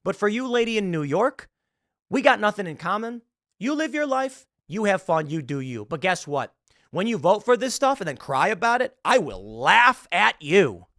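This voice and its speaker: A man's voice: sits high, sing-song, normal speed, fairly bright tone, dry recording, studio quality. A man in his thirties hosting a political commentary show, ranting sarcastically and mocking an article he reads aloud. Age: 30s.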